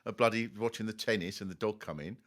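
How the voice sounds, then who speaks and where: A middle-aged man hosting a comedy podcast, telling stories in an animated rant with sudden yelps and swearing. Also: lowish voice, fast. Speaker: podcast host. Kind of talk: comic conversation.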